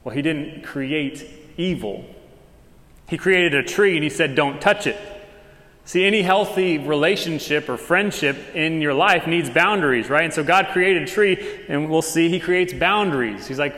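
A man delivers a sermon in a loose, conversational manner, slipping into short acted-out exchanges. His voice sits on the higher side. The sound carries a long reverb from a large, echoey church hall. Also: pushed and bright. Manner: casual conversational preaching with quick dramatized asides. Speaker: pastor.

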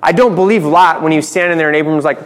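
A man with a fairly high voice teaches from the Bible in a relaxed, conversational way. He acts out little bits of dialogue and tosses in playful jokes. A long reverb trails behind his voice. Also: rapid-fire.

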